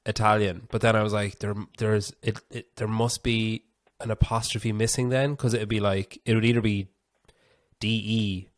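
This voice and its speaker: A man's voice: fairly low pitch, flat delivery, normal speed, dry recording, studio quality. Chatty Irish man hosting a podcast. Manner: rambling, chatty storytelling with fillers. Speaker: podcast host. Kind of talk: casual chat.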